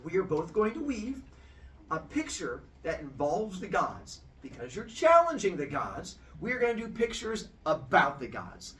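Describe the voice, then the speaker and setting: A proud, bossy goddess with a raised, lively voice, as a man puts her on. She gives orders in a commanding, exaggerated way, with a bright edge and swooping pitch. The voice sits away from the mic. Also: moderate pace, far from the mic, slight background noise, heavily acted. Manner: commanding, exaggerated, breaks into shrieks. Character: proud female goddess, bossy and quick to anger.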